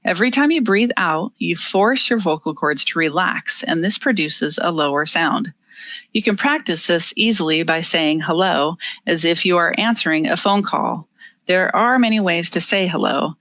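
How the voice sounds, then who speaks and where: A presenter teaching interview skills in a webinar, explaining each step clearly with the odd filler and small laugh. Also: medium pitch, moderate pace, sharp tone, no echo, muffled recording. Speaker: webinar presenter on body language. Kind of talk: instructive presentation.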